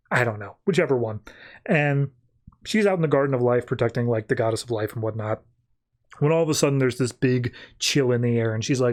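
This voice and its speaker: A man's voice: medium pitch, animated, fairly quick, darkish tone. A man hosting a podcast, casually recapping a comic in a chatty, rambling way full of 'like'. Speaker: podcast host.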